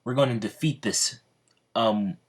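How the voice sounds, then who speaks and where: A man voicing an eager, earnest young male knight who shouts his lines. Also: on the low side, unhurried, slightly rough, voice pushed up. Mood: admiring.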